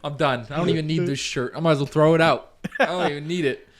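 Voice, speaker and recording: Animated young man telling stories. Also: fairly high pitch, quick pace. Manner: animated storyteller, acts out quotes, laughs often. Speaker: podcast co-host. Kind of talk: casual chat.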